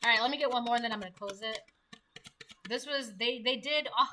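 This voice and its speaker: A woman's voice: on the high side, fast talker, pushed and bright, slight background noise. A woman giving a casual tarot reading, chatty and acting out the voices she quotes. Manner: chatty, acts out quoted voices, laughs at own jokes. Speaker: tarot reader.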